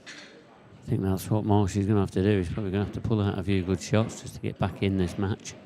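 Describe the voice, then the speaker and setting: A man's voice: low voice, little pitch movement, quick pace, dark tone. A man commentating live on a pool match in a casual, chatty way and reading viewer comments aloud.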